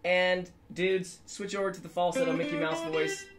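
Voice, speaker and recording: A man's voice: high voice, level tone, normal speed. Upbeat male guitar teacher. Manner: upbeat, chatty, sings scales to demonstrate. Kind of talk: casual guitar lesson.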